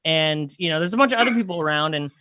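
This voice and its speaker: A man's voice: a little high, expressive, fast, pushed and bright, no echo, studio quality. Rambling young man telling a story. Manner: rambling, self-deprecating, lots of fillers. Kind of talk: casual storytelling.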